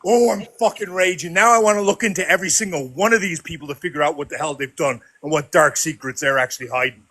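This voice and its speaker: A man ranting furiously in an online voice chat, swearing constantly and shouting about people he says lied about him. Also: on the high side, fast talker, few pauses, no room sound. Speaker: regular on a debate stream.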